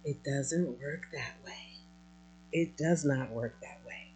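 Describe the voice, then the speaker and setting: A woman's voice: a bass voice, slow, mellow, husky. A woman preaching a sermon in a conversational, emphatic way, acting out quotes as she goes.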